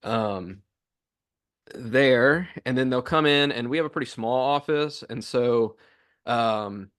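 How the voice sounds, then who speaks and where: A man's voice: medium pitch, takes it slowly, a bit bright, clear, resonant tone. A young man co-hosting a podcast, talking casually about his chiropractic office routine, full of "um" and "like" and acting out office dialogue. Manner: rambling, filler-heavy, acts out office dialogue.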